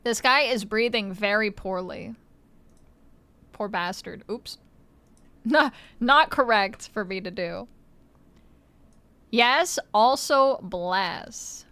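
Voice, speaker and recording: A woman's voice: on the high side, lively intonation, slow pace, long pauses, bright, forceful tone, no room sound. A woman streamer in casual livestream chat, playful, swearing freely and laughing often, on a close mic.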